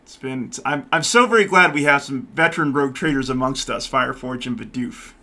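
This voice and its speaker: A man hosting a co-op game stream, talking loudly and cheerfully with his players. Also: medium pitch, brisk. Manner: loud and lively, says so himself. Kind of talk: casual live-stream chat.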